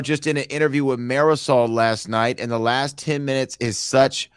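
A man's voice: medium pitch, steady tone, moderate pace, few pauses, clear, resonant tone, no echo, studio quality. A man co-hosting a podcast in casual chat, joking and telling playful stories. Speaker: podcast co-host.

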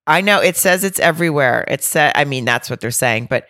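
A woman co-hosting a podcast, chatting casually in an animated, laughing way. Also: low-pitched, a little fast, no echo, clean studio sound. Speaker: podcast co-host. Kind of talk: casual chat.

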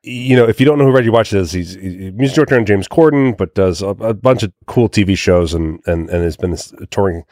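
A man co-hosting a podcast, telling anecdotes in a lively, chatty way in casual conversation. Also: on the low side, fast talker, few pauses, no echo, clean studio sound. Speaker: podcast co-host. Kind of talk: casual chat, storytelling.

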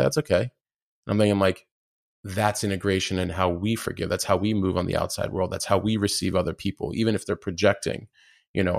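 A man talking as a podcast guest, animated, acting out his inner dialogue. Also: deep voice, creaky, dry recording, studio quality. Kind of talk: casual conversation.

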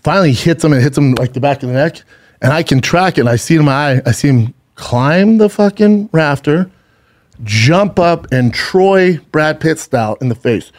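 A man's voice: on the high side, lively intonation, moderate pace, a little mellow. A man co-hosting a podcast, telling a story in casual chat, acting out quotes and swearing freely. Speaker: podcast co-host.

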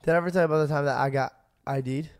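A man's voice: on the high side, rapid-fire, smooth. A young man in his twenties, a podcast co-host, telling stories in casual chat and acting out the quoted voices. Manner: animated, acts out quoted voices.

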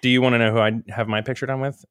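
A man's voice: medium pitch, little pitch movement, racing, a bit bright, clean tone, no echo, clean studio sound. A man co-hosting a podcast, playful and joking, stammering a little when flustered. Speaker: podcast co-host. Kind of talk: casual chat.

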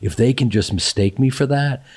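A man in his fifties hosting a podcast, talking in a casual, halting and self-deprecating way with frequent restarts. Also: mid-range voice, a little mellow, slightly rough. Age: 50s. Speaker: podcast host. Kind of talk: casual chat.

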